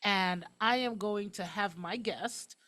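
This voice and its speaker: Fast-talking outspoken woman host. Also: mid-range voice, bright, forceful tone. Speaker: talk show host. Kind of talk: casual talk show chat.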